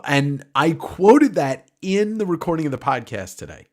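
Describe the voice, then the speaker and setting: A man's voice: a little high, big pitch swings, normal speed, hardly any pauses, a little mellow. A man hosting a livestream giveaway, talking casually in a nasal voice, rambling and joking with the odd curse. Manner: rambling, joking, swears freely. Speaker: livestream host.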